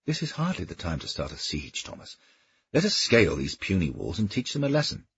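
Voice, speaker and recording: A man voicing a coarse, boastful veteran knight who bellows and scorns, with a husky voice. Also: low-pitched, huge pitch swings, a little fast, lo-fi sound, exaggerated voice. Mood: scornful.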